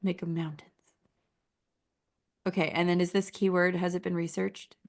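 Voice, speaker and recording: A woman walking through a website critique in a relaxed, conversational way. She talks casually and encouragingly, filling her sentences with "like" as she thinks aloud. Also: on the low side, moderate pace. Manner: chatty, encouraging, uses "like" a lot. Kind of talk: casual screen-share critique.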